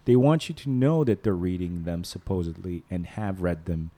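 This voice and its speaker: A man with a fairly low voice tells long, rambling stories on a casual podcast chat. He laughs often and slips into other people's voices as he goes. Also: moderate pace, dark tone. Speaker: podcast host.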